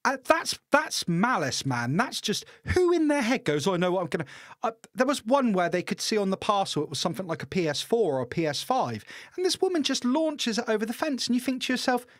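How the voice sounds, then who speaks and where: Bloke ranting on a podcast, high lively voice, dry sound. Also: male voice, dry recording. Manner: animated storyteller, swears, quick restarts. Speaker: podcast co-host. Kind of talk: casual ranting chat.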